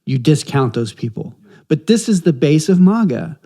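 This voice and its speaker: A man co-hosts a political podcast in casual, emphatic chat. He repeats his points to hammer them home. His voice is warm and mellow. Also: a little high, big pitch swings, moderate pace. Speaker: podcast co-host.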